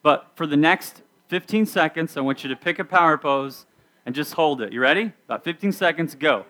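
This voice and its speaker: A man's voice: fairly high pitch, expressive, a little fast, a bit bright. Chatty middle-aged male youth pastor. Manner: conversational, leads the audience in activities. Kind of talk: casual sermon to a youth group.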